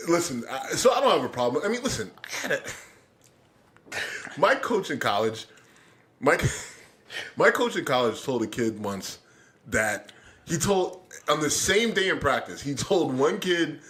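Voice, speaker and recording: Animated, profane American man. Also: a little high, unhurried, long pauses. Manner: loud, profane storytelling. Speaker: podcast co-host. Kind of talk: casual chat.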